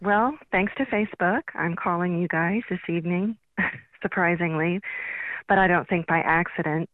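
A woman's voice: lowish voice, normal speed, a little hiss or hum. A woman calling in to a radio show, asking her question hesitantly and searchingly. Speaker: caller. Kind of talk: phone-in question. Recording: tinny phone line.

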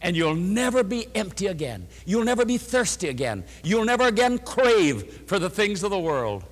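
A man preaching a sermon voices the lines of a kindly, compassionate male teacher, low, soft and tender, in a reverberant church. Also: sing-song, moderate pace.

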